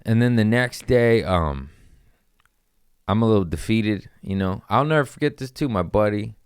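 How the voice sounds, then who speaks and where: A young man telling a wild story in casual podcast chat, swearing freely and jumping into high voices when he quotes people. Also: normal speed, smooth, dry recording, studio quality. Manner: animated, acts out quotes with sudden pitch jumps, swears freely.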